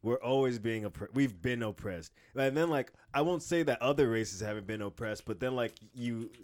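A man co-hosting a podcast and trying out stand-up, talking in loud, profane, animated rants. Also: medium pitch, moderate pace. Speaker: podcast co-host, aspiring stand-up comic. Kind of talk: casual podcast chat.

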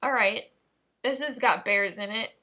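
A woman tackles tongue twisters and remarks on them with playful exasperation, breaking off mid-sentence for asides. She speaks unhurriedly in a fairly high, bright, forceful voice.

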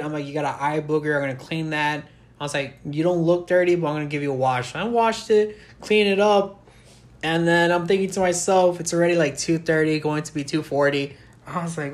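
A man's voice: a little high, brisk. Young man rambling through a story. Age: young adult. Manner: rambling storyteller, laughs often. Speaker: podcast co-host. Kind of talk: casual chat.

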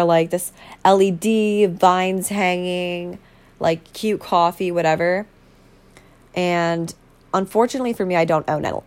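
A young woman hosting a casual solo podcast, rambling and bubbly, full of fillers and self-corrections. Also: lowish voice. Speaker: podcast host.

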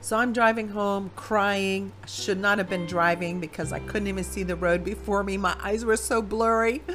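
Animated woman giving testimony. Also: mid-range voice, normal speed. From Ohio, USA. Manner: animated storytelling with voiced quotes. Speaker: Christian speaker. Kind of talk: personal testimony sermon.

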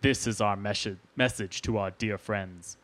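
A man reading aloud as a solemn male alien envoy addressing Earth, slow and grave, as on a podcast. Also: on the low side, fairly even intonation, a bit bright, voice pushed down.

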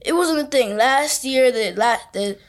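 High-pitched chatty young woman. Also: unhurried. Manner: animated storytelling, chatty. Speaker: podcast co-host. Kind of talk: casual chat.

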